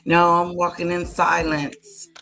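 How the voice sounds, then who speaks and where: A woman's voice: on the low side, flat delivery, measured pace, a bit bright, slight background noise. A woman hosting a casual livestream, chatting to viewers and repeating greetings to them. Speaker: livestream host. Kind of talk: casual live-stream chat.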